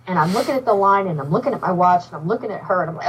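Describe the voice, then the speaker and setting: Talking fast and barely pausing, a psychic medium with a lowish voice tells a casual personal story as a podcast guest, animatedly performing the other people's lines. She's far from the mic, and the lo-fi sound carries a little hiss or hum.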